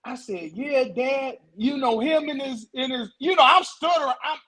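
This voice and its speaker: A young man telling a story in casual talk, animated, stuttering and repeating words. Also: very high voice, normal speed, a loud crowd, poor audio.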